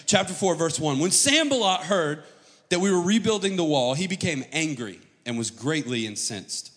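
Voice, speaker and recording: An American man preaches from a church stage, reading scripture dramatically and cracking jokes between the verses. His voice sits a little high, and a long reverb from the hall trails after each phrase. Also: animated, normal speed, fairly bright tone. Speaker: pastor. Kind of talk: sermon.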